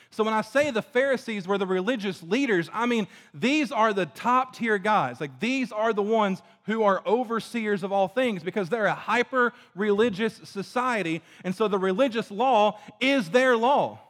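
A high-pitched man preaches in a loose, chatty way, dropping fillers and tossing questions out to his listeners. He sounds like a youth pastor talking through scripture. The sound rings with the long echo of a church hall. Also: a bit bright. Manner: chatty, filler-heavy, asks the audience questions. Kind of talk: casual conversational sermon. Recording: echoey hall.

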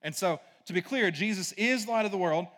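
A man's voice: sits high, brisk, fairly bright tone, big-room sound. A man preaching a conversational sermon, casual and rambling, full of asides and "right?" checks to the congregation. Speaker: pastor.

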